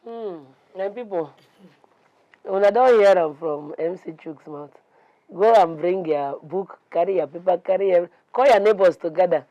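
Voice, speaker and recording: A woman with a Nigerian accent hosting a debate talk show, brisk and encouraging as she moderates. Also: on the low side, warm tone, highs cut off.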